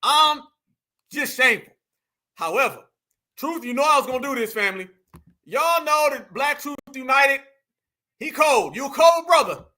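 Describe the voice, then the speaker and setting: A man's voice: extremely high pitch, lively intonation, moderate pace, pauses often, bright, forceful tone. A man hosting a casual reaction commentary, mocking and laughing as he talks to viewers he calls family. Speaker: commentary show host.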